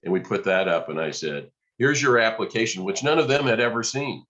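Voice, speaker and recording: Deep-voiced man telling a story. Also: fairly quick, dull audio. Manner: animated storyteller, acts out quoted dialogue. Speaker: podcast guest. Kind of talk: storytelling in conversation.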